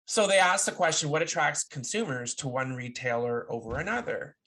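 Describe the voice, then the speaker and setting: A man co-hosting a casual podcast, talking in an animated, playful way and thinking out loud with frequent restarts. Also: a little high, fairly quick. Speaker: podcast co-host.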